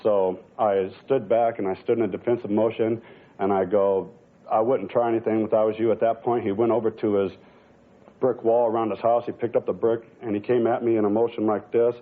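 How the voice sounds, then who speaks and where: A low-voiced man rushes through his courtroom testimony, retelling every line of a quarrel. The audio is narrow and tinny, like a phone line. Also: level tone. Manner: rambling, retells dialogue with "I go, he goes". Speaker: plaintiff.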